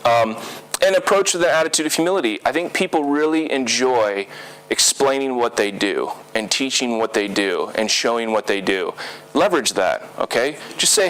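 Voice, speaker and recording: A man's voice: medium pitch, lively intonation, normal speed, a bit bright, poor audio. Guy giving a conference talk, loose and chatty, keeps saying okay? to the crowd. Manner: conversational, many fillers and "okay?" tag questions. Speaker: conference speaker.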